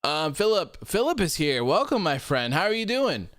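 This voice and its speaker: A man's voice: a little high, big pitch swings, normal speed, fairly bright tone, no room sound, clean studio sound. A man hosting a wrestling post-show livestream, reading viewer comments aloud in a friendly, upbeat casual chat and thanking viewers often. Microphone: desk microphone.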